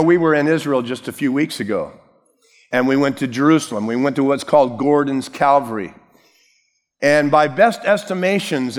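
A man's voice: fairly high pitch, long reverb tail. A male pastor preaching a sermon, telling Bible stories casually and with humor, acting out the characters. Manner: storytelling, acting out biblical characters with lively voices.

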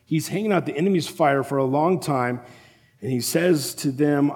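A man preaching a sermon as a pastor, animated and acting out the voices of the people in the story. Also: a little high, moderate pace. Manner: animated, acts out the quoted voices. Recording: long reverb of a large hall.

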